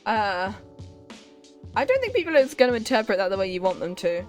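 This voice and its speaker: A British woman streams a game, chatting away and reacting to what happens on screen. She talks in a relaxed, conversational way. Faint game music runs behind her voice. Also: medium pitch, fairly quick. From Britain. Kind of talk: casual chat while playing a game.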